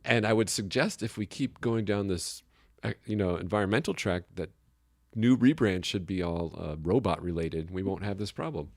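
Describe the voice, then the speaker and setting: A man co-hosting a casual podcast chat, joking and laughing often, with sudden high exclamations. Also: normal speed, a little mellow, dry recording, clean studio sound. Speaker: podcast co-host. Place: Chicago area.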